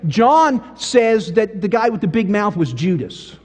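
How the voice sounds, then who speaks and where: A man's voice: sits high, a little slow. Emphatic male pastor, sermon delivery, reverberant sanctuary sound. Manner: emphatic, animated storytelling with big swings in volume. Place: church sanctuary. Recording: long church-hall reverb.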